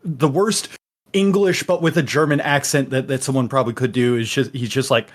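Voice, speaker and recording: A man's voice: medium pitch, steady tone, fairly quick. A man playing a tabletop game, describing his character's actions with many fillers and restarts. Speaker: player. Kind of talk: casual tabletop game play.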